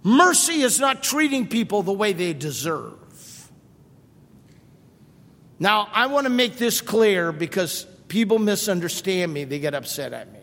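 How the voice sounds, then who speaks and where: Animated high-voiced middle-aged preacher man. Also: unhurried, gravelly. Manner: animated, rhetorical questions, emphatic repetition. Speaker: pastor. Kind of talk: sermon. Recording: long reverb of a large hall.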